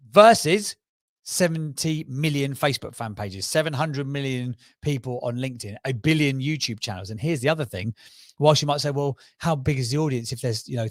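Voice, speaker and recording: A man with a Cockney accent, a podcast guest talking quickly and emphatically, piling up figures and examples. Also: medium pitch, no echo, studio quality. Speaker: podcast guest, brand strategist. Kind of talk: energetic interview talk.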